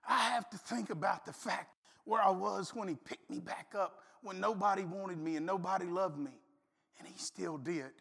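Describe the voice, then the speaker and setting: A middle-aged man preaching a folksy, animated sermon full of stories, sometimes shouting. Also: sits high, normal speed, creaky, breathy edge. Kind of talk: sermon with storytelling. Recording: long hall reverb.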